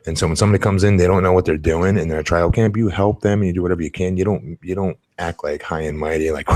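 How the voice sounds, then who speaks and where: A man's voice: low-pitched, fairly even intonation, fast talker, hardly any pauses, a little mellow. A man who is a former wrestler, chatting bluntly and with strong opinions as a podcast co-host. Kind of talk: casual podcast chat.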